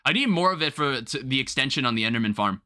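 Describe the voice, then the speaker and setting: A young man hosting a livestream, chatting casually while gaming and telling rambling, animated stories with some swearing. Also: medium pitch, quick pace. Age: young adult. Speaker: livestream host.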